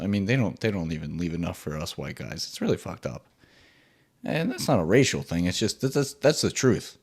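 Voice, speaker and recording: A man hosting his own podcast, ranting solo in an excitable, profane, rambling way. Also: deep voice, slightly rough. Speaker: podcast host.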